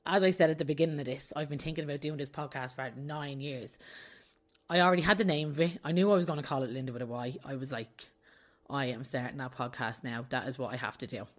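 A woman's voice: rumbling low, quick pace. A young adult woman hosting her own podcast, talking candidly and confessionally in a casual way and often laughing mid-sentence. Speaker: podcast host. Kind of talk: casual solo podcast talk.

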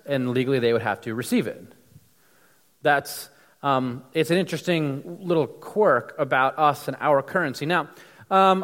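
A man's voice: a little high, big-room sound. A man from the United States giving a casual, conversational sermon with many fillers and restarts. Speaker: preacher.

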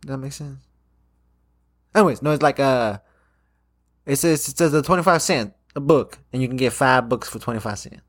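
A man's voice: mid-range voice, normal speed, pauses often. Rambling, swearing young guy. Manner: rambling, swears a lot, many fillers and restarts. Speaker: vlogger. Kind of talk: casual rambling monologue.

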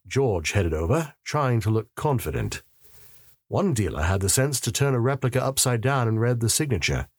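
Wry, husky male audiobook narrator. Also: mid-range voice, animated, moderate pace, dry recording, clean studio sound. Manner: wry, sardonic. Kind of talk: first-person audiobook narration.

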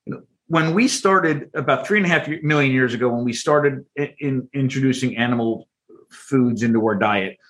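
A man's voice: mid-range voice, normal speed, a bit bright. A man being interviewed as a guest author, explaining with energy and frequent restarts. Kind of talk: podcast interview.

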